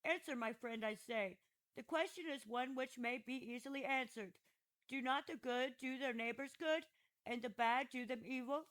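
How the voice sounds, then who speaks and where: A woman's voice: high voice, normal speed, fairly bright tone, poor audio. A woman reading an ironic old philosopher on trial. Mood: ironic questioning. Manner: patient, argumentative questioning. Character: aging male philosopher on trial, ironic and probing. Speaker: audiobook narrator. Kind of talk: audiobook reading of a classic dialogue.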